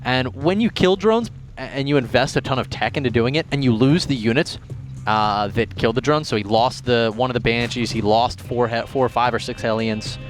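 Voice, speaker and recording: A man's voice: mid-range voice, moderate pace, faint music behind. A man giving color commentary on an esports match, analytical with playful banter. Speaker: esports co-caster.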